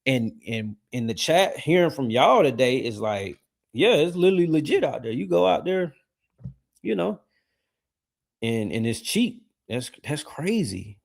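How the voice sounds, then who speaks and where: Brief: young male streamer, lively gravelly delivery, slangy and laughing. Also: mid-range voice, a little slow. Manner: laughs often, animated, slangy. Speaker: streamer reacting to videos. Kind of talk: casual reaction commentary.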